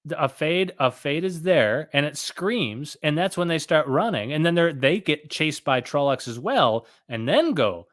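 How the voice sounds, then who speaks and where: A man's voice: fairly high pitch, lively intonation, measured pace, hardly any pauses, a bit bright. A man co-hosting a casual podcast chat, joking with many fillers and restarts. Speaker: podcast co-host.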